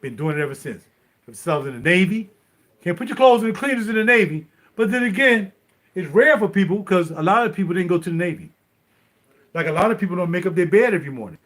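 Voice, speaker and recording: A man's voice: high-pitched, lively intonation, fast, a bit bright. A middle-aged man, rambling in casual live-stream chat straight to his viewers while ironing. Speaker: vlogger.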